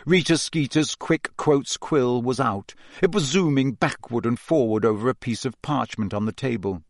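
A man narrating a storybook in an expressive, dramatic reading style. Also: medium pitch, normal speed, no room sound, clean studio sound. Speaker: audiobook reader.

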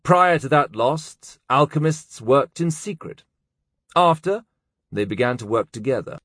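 A man's voice: medium pitch, lively intonation, unhurried, fairly bright tone, slightly rough, dry recording, studio quality, pitched above the performer's own voice. A man voicing a stern, cold older male scholar in an audiobook, with a clipped, cutting manner. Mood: lecturing. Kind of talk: audiobook character voice.

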